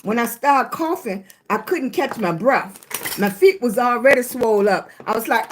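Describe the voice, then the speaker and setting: Woman, high voice, casual live-stream host, a bit congested, warm drawn-out greetings. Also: expressive. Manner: chatty, greets viewers, drawn-out emphatic talk. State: recovering from illness, congested.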